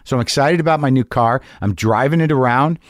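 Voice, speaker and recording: A man's voice: mid-range voice, a little fast, dry recording, clean studio sound. A middle-aged man from New Jersey hosting a podcast, telling a rambling, profane, self-mocking comic story in an anxious rush. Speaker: podcast host.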